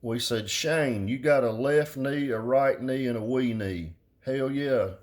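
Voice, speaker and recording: Guy, middle aged, cussing up a storm, rambling blunt rant, regular pitch. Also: unhurried, darkish tone. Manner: profane, blunt, drawling southern slang. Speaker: car audio vlogger.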